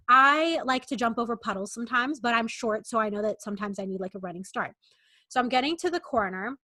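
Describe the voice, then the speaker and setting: A woman's voice: a little high, sharp tone, no room sound. A young adult woman co-hosting a podcast, telling a rambling, self-mocking story in a casual chat. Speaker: podcast co-host.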